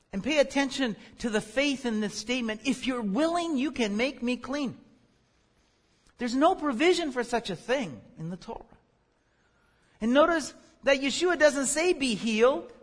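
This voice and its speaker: A man's voice: very high-pitched, a bit bright, long reverb tail. A man teaching a Bible study lesson, earnest and explanatory, his voice leaping up when he calls out the words he quotes.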